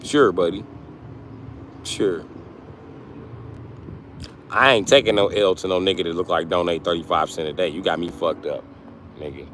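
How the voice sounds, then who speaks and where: A middle-aged man livestreaming, talking casually to his chat and loudly roasting viewers with heavy profanity. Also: sits low, normal speed, long pauses, a little hiss or hum. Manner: profane, loud trash-talking and roasting of chatters.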